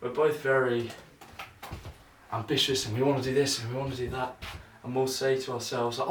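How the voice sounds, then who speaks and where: A young man vlogging casually while he practises juggling, thinking out loud in a rambling, self-mocking way. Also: mid-range voice, little pitch movement, normal speed. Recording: echoey room, mic at a distance, noisy.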